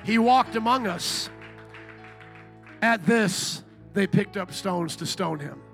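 A male pastor preaching a conversational sermon, emphatic, bursting into raised shouts. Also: sits high, animated, slow pace, vocal fry, soft background music. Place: church sanctuary.

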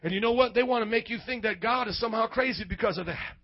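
A man, a youth pastor preaching a fiery sermon to his congregation, breaking into shouted, sing-song outbursts. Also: very high-pitched, fast talker, highs cut off. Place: church hall before a youth congregation.

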